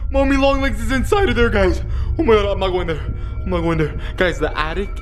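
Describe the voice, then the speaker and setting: A young man giving excitable reaction commentary as a YouTuber, shouting, gasping and saying "yo" and "literally" constantly. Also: sits high, quick pace. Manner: excitable, shouts and gasps, says "yo" and "literally" a lot. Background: music playing.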